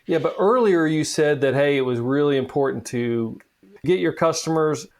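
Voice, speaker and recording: Male podcast host, fairly high voice, casual, jokey banter with a guest. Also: a little mellow. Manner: friendly, joking, quick asides. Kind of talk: casual interview chat.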